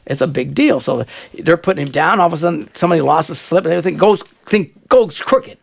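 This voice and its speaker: A man hosting a radio talk show, telling animated stories in a casual chat. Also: fast, vocal fry. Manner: animated storyteller, jumps into high excited voices. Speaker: radio host.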